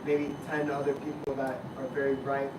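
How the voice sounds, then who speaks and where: A man's voice: medium pitch, completely flat delivery, moderate pace, echoey room. A man in a workshop earnestly asking a question. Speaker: workshop participant. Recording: distant voice outdoors, loud traffic noise.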